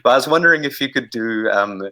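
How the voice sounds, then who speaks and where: A man's voice: mid-range voice, animated, quick pace, pushed and bright. A man on a casual livestream, speaking hesitantly with many fillers and restarts.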